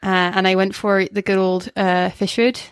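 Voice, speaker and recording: A woman's voice: mid-range voice, fairly even intonation, moderate pace, smooth, no echo, clean studio sound. A young woman, co-hosting a podcast and telling stories in casual, self-mocking chat. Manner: chatty storyteller, self-mocking. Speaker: podcast co-host.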